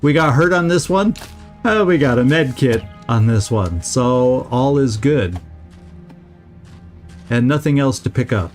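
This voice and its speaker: A man's voice: mid-range voice, animated, a little slow, pauses often, soft background music. A man streaming a video game, giving casual let's-play commentary, chatty and often laughing as he talks to his viewers.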